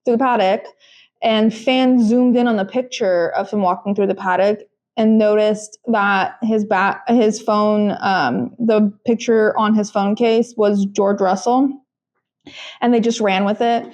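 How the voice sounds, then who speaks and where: A woman's voice: medium pitch, fairly even intonation, measured pace, a little mellow. A young woman co-hosting a podcast, talking casually with lots of fillers and restarts. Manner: chatty, frequent fillers and restarts. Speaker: podcast co-host. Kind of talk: casual chat.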